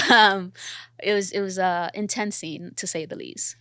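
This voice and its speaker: A woman's voice: medium pitch, measured pace, no echo, studio quality. A young woman actor talking earnestly and animatedly in an interview about her role, often acting out quotes. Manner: animated, earnest, quoting herself and others. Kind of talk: casual interview.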